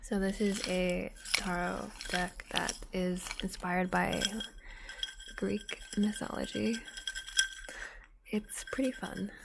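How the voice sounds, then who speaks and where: Whispered role-play: a woman softly chatting close to the mic, a gravelly edge in the whisper, faint hiss behind. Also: lowish voice. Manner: soft whispering, chatty and giggly. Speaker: ASMR streamer. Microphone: close studio mic with foam cover.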